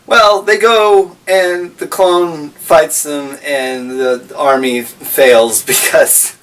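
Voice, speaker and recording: A man's voice: mid-range voice, a bit bright, far from the mic. A man casually recapping a story, rambling and correcting himself as he goes.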